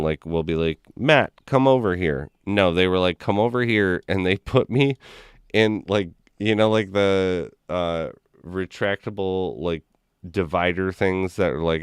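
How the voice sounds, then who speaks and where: A man with a very deep voice, smooth and clean, tells a long story in casual chat. He rambles, keeps saying "like," and slips in and out of the people he quotes. The sound is close and dry, with no room around it. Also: unhurried, dry recording. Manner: rambling anecdote full of "like", acting out quoted people. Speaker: gaming stream host.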